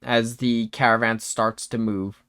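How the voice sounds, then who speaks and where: A man's voice: mid-range voice, level tone, a little slow, a bit bright, clean tone, dry recording, clean studio sound. A man narrating as game master of a tabletop game, in a laid-back, rambling way with frequent self-corrections.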